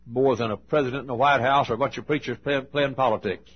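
A man preaching a sermon, telling folksy stories and swinging between loud and hushed delivery. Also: mid-range voice, fairly even intonation, very fast, creaky, husky, highs cut off. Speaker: pastor. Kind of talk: sermon storytelling.

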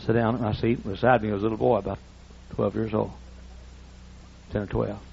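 A man's voice: on the low side, level tone, a little fast, gravelly, a little mellow, slight background noise. An older man preaching a folksy storytelling sermon. He acts out the dialogue in raised voices. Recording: muffled lo-fi recording.

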